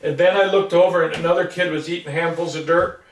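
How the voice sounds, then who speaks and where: A man's voice: a little high, fairly even intonation, fast. A man in his sixties being interviewed, telling a long rambling story about his past and acting out what others said along the way. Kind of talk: casual recollection. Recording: roomy sound from a distance.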